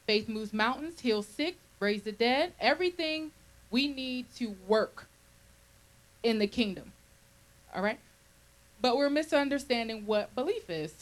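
Woman minister, conversational preacher; animated, chuckles between points, slightly high voice. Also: a little slow, low-quality recording. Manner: animated, checks in with listeners often. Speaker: minister leading a Bible study.

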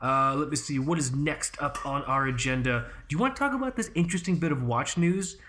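A man's voice: fairly high pitch, expressive, a little fast, fairly bright tone, slight background noise. Rambling, swearing male podcast host. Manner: rambling and swearing, heavy use of "like" and "you know". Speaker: podcast host and Soviet watch expert. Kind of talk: casual podcast chat.

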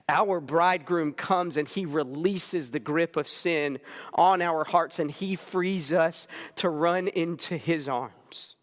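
A male pastor preaching a sermon, telling a story quickly and then slowing down to press his points home. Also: a little high, fairly bright tone, in a large hall. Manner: storytelling, shifts between quick narration and slow emphatic preaching.

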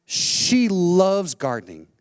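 A middle-aged man preaching a sermon, telling a lively story and acting out what people said. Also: sits high, slow pace. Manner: animated storytelling, acting out quotes. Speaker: pastor. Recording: long hall reverb.

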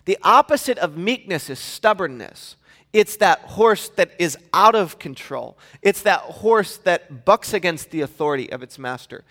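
A male pastor with a high voice preaches a sermon in a reverberant hall, unhurried in pace. He tells stories in an animated way and drops in playful asides.

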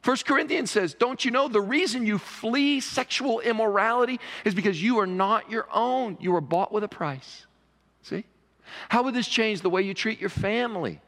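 A man's voice: sits high, moderate pace, a bit bright. A man preaching a conversational sermon as pastor, rising to emphatic pleading. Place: church sanctuary. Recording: long reverb of a church sanctuary.

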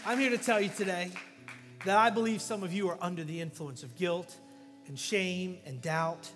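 Guest pastor, male, higher-pitched, animated sermon delivery in a reverberant sanctuary. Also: moderate pace, faint music behind, some chatter behind. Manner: animated storytelling with jokes, swinging from loud to hushed.

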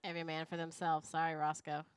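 A woman's voice: sits low, monotone, quick pace, smooth, no echo, clean studio sound, soft background music. A woman co-hosting a podcast, dropping teasing, joking comments into casual chat. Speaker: podcast co-host.

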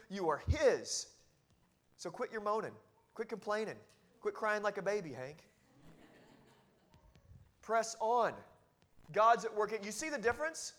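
A man with a notably high voice preaches a sermon as pastor. He exhorts earnestly, often dropping into a hushed, intimate tone. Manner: earnest and exhorting, with sudden drops to a hushed, close tone.

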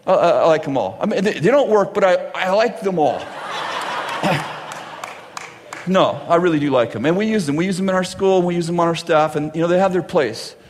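Male preacher, high and very lively pitch, jokes and laughs through his sermon; large hall with a long reverb. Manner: jokey, laughs often, acts out dialogue in quick voices. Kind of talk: humorous sermon. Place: large church hall before a live audience. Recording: reverberant hall with faint audience and noise.

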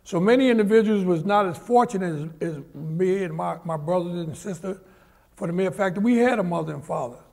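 A man's voice: high voice, a little fast, vocal fry, a little mellow. An older man from Harlem, a guest telling vivid stories on stage at a live event in a large auditorium and acting out the people in them. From Harlem, New York. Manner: vivid anecdotal storyteller, acts out the people in his stories. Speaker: guest, former Olympic sprinter. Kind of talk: storytelling on stage.

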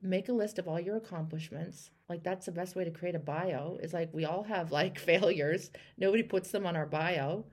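A woman in her thirties coaching a caller on her show. She is encouraging and animated, and she acts out sample phrases. Her voice sits a little low. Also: moderate pace, hardly any pauses. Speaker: host and life coach. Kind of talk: call-in coaching chat.

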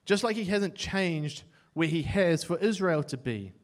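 A young man with a New Zealand accent preaching a sermon, his voice sitting a touch higher than most men's. He tells his own story with self-mocking humour and lively swings from loud to hushed. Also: measured pace.

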